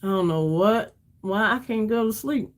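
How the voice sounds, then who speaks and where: Hosting a laid-back beauty livestream, this middle-aged woman speaks at a moderate pace in a medium-pitched voice. She rambles chattily, addresses viewers as "y'all," and comes across as weary.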